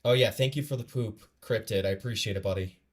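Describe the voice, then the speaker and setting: A man reacting live on stream in a casual, rambling way. His voice sits a little low, and he stammers through restarts and fillers. He talks bluntly and swears freely. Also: fast talker. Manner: blunt and profane.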